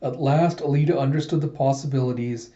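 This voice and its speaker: A man casually reading through a comic, retelling each scene in a relaxed way with fillers. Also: medium pitch, a little fast. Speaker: reader of a manga readthrough. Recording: dull lo-fi recording.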